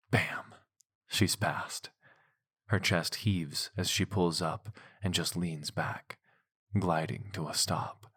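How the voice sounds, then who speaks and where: A man reads a romance novel aloud in a very low, deep voice. His delivery is intimate, dropping into soft breathy passages. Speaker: audiobook narrator. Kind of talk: scripted narration of a romance novel.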